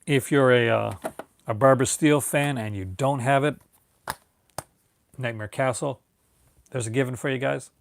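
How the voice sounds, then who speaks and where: A man's voice: medium pitch, fairly even intonation, normal speed, gravelly, pauses often, slight background noise. A tired man hosting his own video, chatting casually and rambling with many fillers and restarts. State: tired, yawning. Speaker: video host. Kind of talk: casual late-night video chat.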